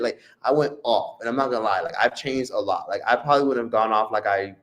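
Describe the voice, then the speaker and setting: A man hosting a live stream, telling a profane, animated story in a casual rant. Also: mid-range voice, fast, few pauses. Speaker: streamer host. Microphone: streaming mic.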